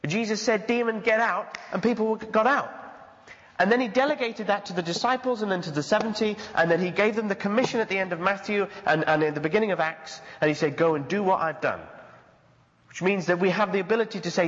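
A man's voice: high voice, fast talker, a bit bright. A man preaching a sermon as pastor, earnest and conversational, acting out the voices he quotes. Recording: dull sound with long hall reverb.

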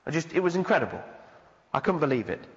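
A man's voice: fairly high pitch, very animated, fast talker. A man preaching a sermon as pastor, earnest and conversational, acting out the voices he quotes. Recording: dull sound with long hall reverb.

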